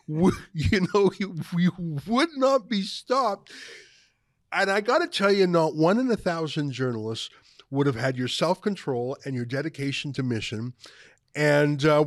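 A man's voice: a little high, dry recording, studio quality. A male host giving emphatic, combative commentary while interviewing a guest, chuckling at times.

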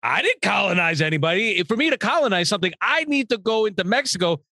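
A man co-hosting a podcast, blunt and animated in casual chat. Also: high-pitched, fast talker, no echo, clean studio sound. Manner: loud, blunt and animated, laughs often. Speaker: podcast co-host.

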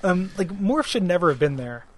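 A man's voice: sits high, big pitch swings, normal speed, background noise. A man chatting casually about a cartoon show, rambling with many fillers and laughing as he acts out lines.

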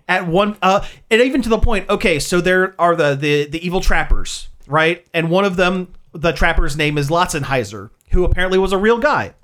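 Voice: mid-range voice, fairly bright tone. Laughing podcast co-host telling a story. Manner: enthusiastic storyteller, laughs often. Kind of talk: casual chat.

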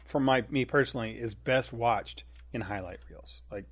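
A man co-hosting a casual podcast, talking in a relaxed, conversational way with frequent restarts. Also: mid-range voice, moderate pace. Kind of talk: casual chat.

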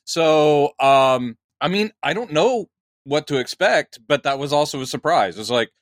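A man's voice: fairly high pitch, animated, no echo. Chatty man on a dry podcast mic. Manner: chatty, musing, quick asides. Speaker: podcast co-host. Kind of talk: casual podcast chat.

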